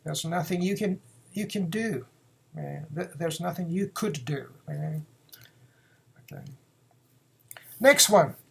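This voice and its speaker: A man's voice: on the high side, lively intonation, takes it slowly, creaky, long pauses, fairly bright tone, a little hiss or hum. A man, teaching phrases in a casual lesson, repeating words and acting out example lines. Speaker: Japanese teacher.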